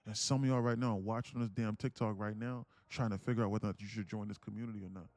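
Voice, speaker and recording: A man's voice: fairly low pitch, steady tone, rapid-fire, a little mellow, no echo. A young man hosting a live day trading stream, talking passionately and emphatically, swearing freely. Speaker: day trading livestream host.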